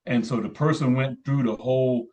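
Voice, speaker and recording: A man on a podcast talking haltingly, repeating words and filling pauses with uh while he tells about peer support calls. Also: mid-range voice, darkish tone. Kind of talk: casual podcast chat. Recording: muffled, dull-sounding mic.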